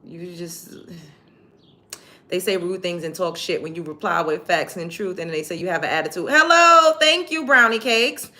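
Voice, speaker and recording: A woman's voice: lowish voice, flat delivery, normal speed, a bit bright. A young woman hosting a livestream, reading chat comments aloud and answering commenters in a blunt, profane, combative way. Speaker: livestream host.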